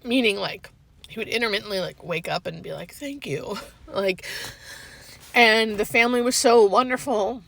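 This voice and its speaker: A young woman sits in her parked car, trying not to cry as she talks, her speech halting and full of restarts. Her voice is bright with a gravelly fry underneath. She talks straight to the camera as a hospice nurse. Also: medium pitch. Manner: halting, emotional, restarts with fillers. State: tearful, holding back crying. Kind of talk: emotional vlog, talking to camera.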